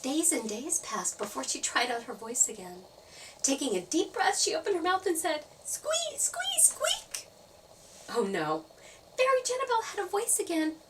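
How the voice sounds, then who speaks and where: A woman storyteller reading a children's story aloud, playful and expressive. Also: high-pitched, recorded from a distance, slight background noise, poor audio. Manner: expressive, playful sound effects.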